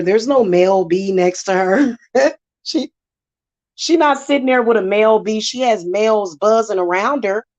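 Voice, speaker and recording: A woman's voice: mid-range voice, darkish tone. A woman, hosting a casual, sassy monologue with many fillers. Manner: chatty, sassy, repetitive fillers. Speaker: spiritual channel host. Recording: dull lo-fi sound.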